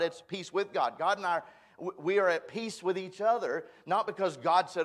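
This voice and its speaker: A man preaching in a church, his voice sitting a little high. He speaks in a folksy, emphatic way and pokes fun at himself. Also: moderate pace. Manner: folksy, emphatic, self-deprecating. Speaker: guest preacher. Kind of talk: sermon.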